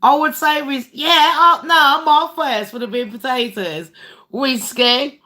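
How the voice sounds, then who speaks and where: A woman's voice: sits high, slow, bright, forceful tone. A woman hosting a casual livestream game with her viewers, blunt and foul-mouthed. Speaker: livestream host.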